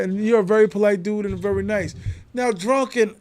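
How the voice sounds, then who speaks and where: High-voiced New man, emphatic. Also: normal speed. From New York City. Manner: emphatic, animated storytelling with frequent swearing. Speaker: podcast guest. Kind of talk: casual conversation.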